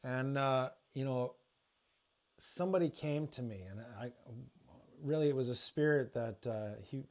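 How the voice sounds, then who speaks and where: A man's voice: medium pitch, a little slow. Man in a casual home livestream, mid-range voice, loose and rambling, swears a lot. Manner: rambling, swears freely, frequent restarts. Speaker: spiritual livestreamer.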